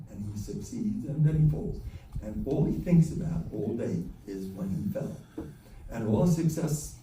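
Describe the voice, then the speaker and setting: A man's voice: mid-range voice, warm tone, slight background noise. An older man, a rabbi giving a joking, self-deprecating holiday talk to a gathering. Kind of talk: humorous Chanukah talk. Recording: roomy hall from a distance with faint ambience.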